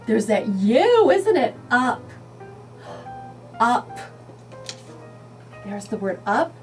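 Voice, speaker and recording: A woman teaching young children to read, sounding out letters and words slowly and encouragingly. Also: fairly high pitch, big pitch swings, far from the mic, soft background music. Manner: slow, sing-song, sounding out letters. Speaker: early reading teacher. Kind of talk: children's phonics lesson.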